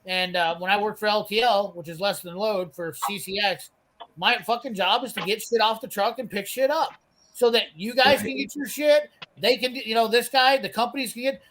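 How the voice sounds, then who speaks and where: Guy telling a cussing story, high sharp voice, does all the voices himself. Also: normal speed, a little hiss or hum. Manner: brash, swearing, acts out quoted lines. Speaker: storyteller on a live garage show. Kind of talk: casual profane storytelling.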